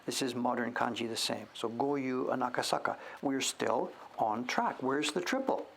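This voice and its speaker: A man hosting a casual show-and-tell, thinking aloud as he sounds out names, sometimes dropping to a whisper and breaking into excited praise. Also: medium pitch, moderate pace, creaky, a little hiss or hum. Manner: drops to whispers now and then. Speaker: host.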